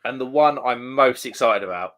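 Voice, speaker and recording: A British man with a bright, forceful voice talks beer on a casual live stream. He is chatty and upbeat, full of ums and restarts as he reads out viewer comments. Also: mid-range voice, normal speed. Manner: chatty and enthusiastic, lots of "um" and restarts.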